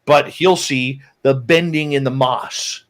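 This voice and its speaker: A man of average pitch tells a story in a loose, casual way, as a guest on a show. He slips into his companions' voices when he quotes them. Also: takes it slowly. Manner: lively, acts out the quoted lines of his companions. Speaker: guest telling an encounter story.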